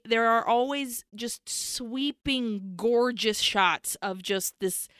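Smooth-voiced woman recapping a film, profanely. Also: a little high, slow, dry recording, clean studio sound. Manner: profane, animated storytelling, mixes in Spanish phrases. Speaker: podcast co-host. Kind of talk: casual film recap chat.

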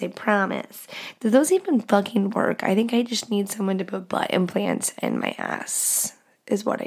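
A young woman hosts her podcast alone, chatting frankly and crudely and breaking into laughter now and then. Her voice sits at a middle pitch with a gravelly edge. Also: darkish tone. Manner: candid, crude and joking, laughs often. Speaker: podcast host. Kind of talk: casual solo podcast talk.

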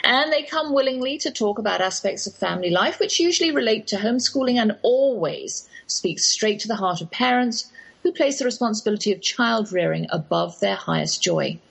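A woman's voice: medium pitch, animated, fairly quick, creaky, a bit bright, husky, low-quality recording. A middle-aged woman with an English accent, hosting a radio show in a rambling, anecdotal talk with devotional asides. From England. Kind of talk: chatty radio monologue.

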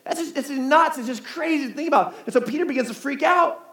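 A man's voice: very high voice, fast, pushed and bright, reverberant. A man preaching a sermon in a conversational way, asking the crowd rhetorical questions. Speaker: pastor. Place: church hall.

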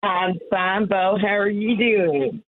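A woman calling in to a radio show from Louisville, Kentucky, affectionate and gently scolding, calling the host sweetheart. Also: medium pitch, steady tone, slow, no room sound. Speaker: caller. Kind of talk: phone-in chat. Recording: tinny phone line, dry.

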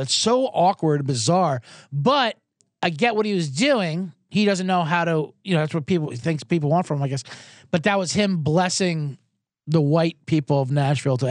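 A man hosts a betting livestream in loose, profane chatter, wandering off into asides and reading viewer comments aloud. His voice sits a little high and swings widely in pitch. The sound is dry and close, with no room echo. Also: expressive, moderate pace. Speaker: sports betting show host.

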